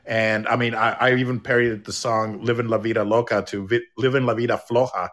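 A middle-aged male comedian hosts a podcast in a loose, chatty way. He rambles, stumbles over restarts, and tosses in jokes. His pitch is ordinary for a man. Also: level tone, fast, fairly bright tone. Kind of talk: casual podcast chat.

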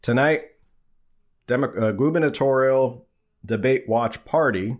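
A man's voice: mid-range voice, measured pace. A man from New Jersey hosting a live stream, answering viewer questions in a loose, conversational way with frequent fillers and restarts. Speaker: livestream host.

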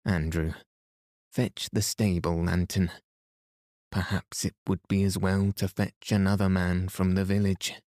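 A man's voice: sits low, level tone, measured pace, a little mellow, no echo, studio quality. A man voicing a flustered, proper middle-aged vicar with an earnest, prim manner, in a bedtime storybook.

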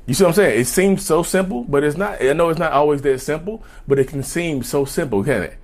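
A man's voice: fairly high pitch, fairly quick, a little mellow. A man with a slight lisp from new dental work, giving viewers a rambling, emphatic advice rant and repeating his points. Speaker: vlogger.

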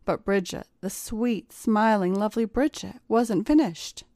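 A woman narrating an erotic story in a slow, measured storytelling manner. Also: mid-range voice, mellow, dry recording, studio quality.

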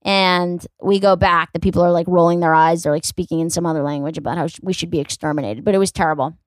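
A woman's voice: on the low side, fairly even intonation, fast, no echo, clean studio sound. A young adult woman, a comedian hosting a solo podcast, telling rambling stories in a snarky, profane style and acting out the people in them. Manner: profane, rambling, snarky storytelling with acted-out quotes.

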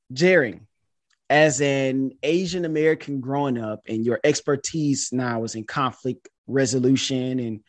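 A man hosting a podcast interview, drawing on his years as a high school teacher before asking his guest a question, often checking in with "right?". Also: no room sound.

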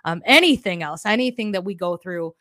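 A woman's voice: on the low side, expressive, a little fast, fairly bright tone, dry recording, clean studio sound. A woman hosting her live podcast, talking candidly and emotionally in a rambling, casual way, a bit shaken and teary. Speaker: podcast host. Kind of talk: casual live-stream monologue.

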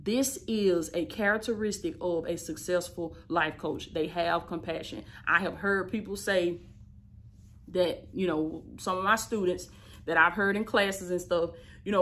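A woman's voice: fairly low pitch, fairly even intonation, unhurried, fairly bright tone. Emphatic woman in her thirties coaching. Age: 30s. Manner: emphatic, repetitive, preachy, affectionate, calls listeners "baby" and "y'all". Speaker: life coach. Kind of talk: motivational teaching talk to camera.

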